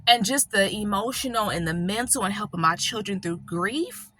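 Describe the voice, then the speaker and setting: A woman's voice: medium pitch, expressive, normal speed, bright, forceful tone, a little hiss or hum. A middle-aged woman talking emotionally in a personal vlog, close to tears, rambling and often asking "right?" and "you know". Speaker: channel host.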